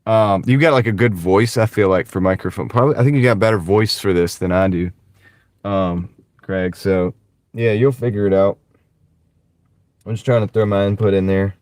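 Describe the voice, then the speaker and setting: A man's voice: fairly low pitch, normal speed, darkish tone, no room sound, clean studio sound. Rambling Southern man chatting from his van. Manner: rambling, says "like" and "dude" often. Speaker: delivery driver streaming. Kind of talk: casual livestream chat while driving. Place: inside a van. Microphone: wireless clip-on mic.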